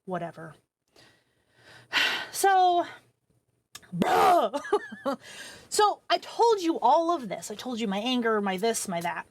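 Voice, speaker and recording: A woman in her thirties, a streamer telling a long personal story to her viewers in a profane, rambling, animated way. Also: a little high, unhurried, long pauses, no echo. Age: 30s.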